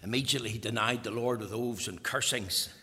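Man preaching hard, husky forceful voice, long echo off the church walls. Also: mid-range voice, brisk. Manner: fervent, swings between loud declaring and hushed whispers. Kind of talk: sermon.

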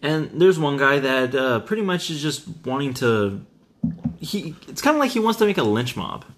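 A man's voice: medium pitch, big pitch swings, moderate pace, a bit bright. A man from Texas in casual podcast chat about a film, laid-back and hesitant, with many fillers. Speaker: podcast co-host. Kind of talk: casual movie recap chat.

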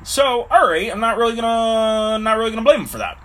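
A man's voice: extremely high pitch, expressive, a little fast, fairly bright tone. A man talking casually to camera in a rambling way, full of fillers, acting out little voices as he goes. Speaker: vlogger.

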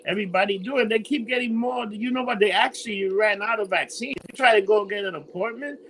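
A man from New York talking in an animated, profane way in a casual chat, often calling his friend "dude". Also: high-pitched, fairly quick, a little hiss or hum, poor audio.

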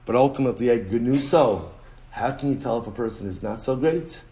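A rabbi gives a Talmud class in a mid-pitched man's voice. He talks with energy and stresses points by repeating them. His English is full of Hebrew and Aramaic terms. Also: a little fast. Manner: animated, emphatic, repeats phrases, switches between English and Hebrew-Aramaic terms. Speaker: rabbi teaching daily Talmud page. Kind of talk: Talmud lecture.

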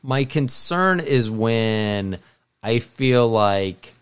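A man's voice: mid-range voice, lively intonation, drawn-out words, clean tone. Rambling middle-aged male podcast host. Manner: meandering, frequent restarts and self-corrections. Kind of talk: casual rambling monologue.

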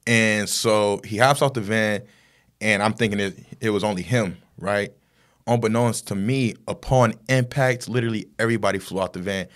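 A man's voice: fairly low pitch, normal speed, a bit bright. A man talking as a guest, telling a story in a rambling casual way with lots of fillers and tag questions.

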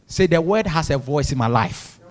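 Preaching with fervor, a man leads his church in call-and-response, asking the people to say the words after him. His slightly high voice is animated and moves at a normal speed, ringing out with a long reverb tail.

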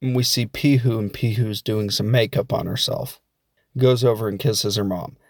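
A man's voice: on the low side, moderate pace, dry recording, clean studio sound. A man casually recapping a film he watched, rambling and jokey with lots of asides. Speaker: film reviewer.

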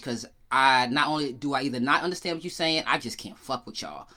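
A middle-aged man from New York chats loosely and swears freely, laughing often. His voice sits at an ordinary pitch, bright and forceful, and he talks fairly quickly.

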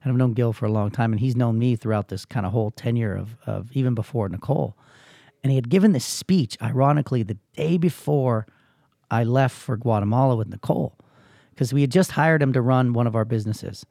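A man's voice: medium pitch, brisk, gravelly, mellow, no echo, studio quality. A man hosting a podcast, telling a personal story in an earnest, emphatic way, swearing freely, then pushing his listeners with motivational questions. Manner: rallying, motivational push to listeners. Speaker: podcast host.

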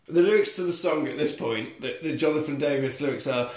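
A man telling a film's plot as a comic recap, sweary and animated. His voice sits a bit high. The room around him echoes. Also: fairly quick, hardly any pauses. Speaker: podcast co-host.

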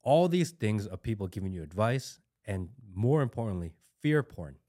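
A man's voice: fairly low pitch, very animated, moderate pace, warm tone. A man speaking as a guest on a casual podcast, talking bluntly and emphatically as a new father, repeating key words for force.

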